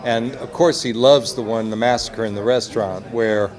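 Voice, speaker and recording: A man's voice: mid-range voice, moderate pace. A man, an executive producer and director, chatting through anecdotes in a press interview at a busy convention. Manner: chatty, anecdotal, quotes others with lively voices. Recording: crowd noise behind. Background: loud crowd chatter.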